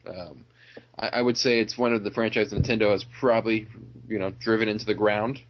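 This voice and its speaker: A man with a fairly low voice hosts a loose, casual conversation. He rambles and chuckles often, and he fills his pauses with ums and restarts. The recording sounds a little dull and lo-fi. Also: steady tone. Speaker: podcast host. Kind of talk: casual chat.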